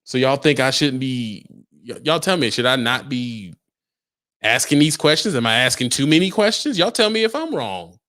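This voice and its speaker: A man's voice: medium pitch, expressive, moderate pace, a bit bright. A young adult man, a truck driver, talking casually on a livestream, firing emphatic rhetorical questions at his viewers.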